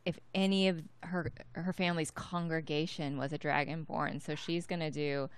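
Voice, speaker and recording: A woman playing in a tabletop game, describing her character's actions in a halting way, with ums and repeated words. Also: low voice, steady tone, clear, resonant tone, dry recording. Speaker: player.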